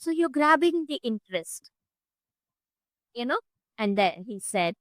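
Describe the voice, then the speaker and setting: A woman English tutor giving a one-on-one online lesson over a video call, talking expressively and demonstrating word stress and pauses. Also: a little high, very animated, no echo, low-quality recording.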